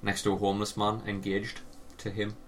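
A man's voice: lowish voice, monotone, a little fast, a little hiss or hum. A young man, co-hosting a podcast in casual, sweary banter with lots of fillers. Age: young adult. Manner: laid-back banter, swears, trails off with fillers. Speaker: podcast co-host. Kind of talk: casual chat.

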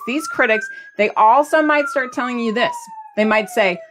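Animated emphatic woman podcast host. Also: fairly high pitch, normal speed, few pauses, a little hiss or hum. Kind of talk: casual podcast monologue.

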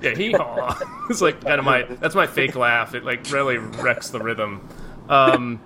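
With background noise audible, a man with a medium-pitched voice co-hosts a podcast at a somewhat slow pace. His casual chat is rambling and jokey, and he frequently breaks off mid-thought.

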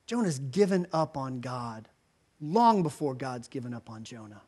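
A man preaching a sermon, retelling the story in a casual, animated way with filler words. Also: mid-range voice, normal speed, slightly rough. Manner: animated storytelling, voicing characters in quotes. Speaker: pastor.

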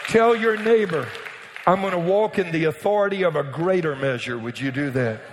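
A pastor preaching a sermon to his congregation, often shouting out his lines and then dropping to a quieter teaching voice. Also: fairly high pitch, moderate pace, crowd noise, noisy background. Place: church sanctuary with congregation. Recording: long reverb in a church hall.

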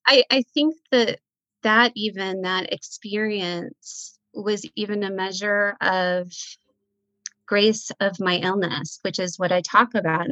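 Middle-aged woman, guest storyteller, heartfelt and candid, medium pitch, close dry sound, slightly dull lo-fi. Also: fairly even intonation, slow, a bit bright, dry recording. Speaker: guest author. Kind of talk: emotional faith conversation.

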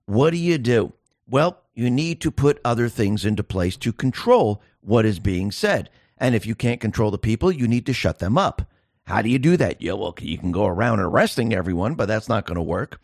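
A man's voice: medium pitch, dry recording, studio quality. A man hosting a political commentary show, speaking in an emphatic monologue full of repetition and rhetorical questions. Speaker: show host.

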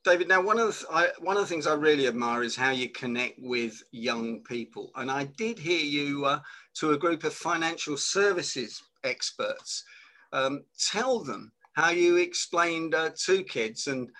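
A man's voice: on the high side, unhurried, pushed and bright. A man with a London accent hosting a live online interview show, chatty and enthusiastic, with frequent fillers. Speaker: host.

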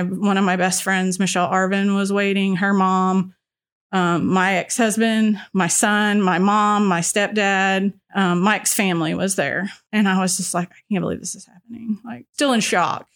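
A woman's voice: mid-range voice, fairly even intonation, a little slow, fairly bright tone, clear, resonant tone. A middle-aged woman, a guest telling her story in her own words, retelling events and quoting what people said, with frequent "you know" fillers. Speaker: radio listener guest. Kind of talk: personal storytelling.

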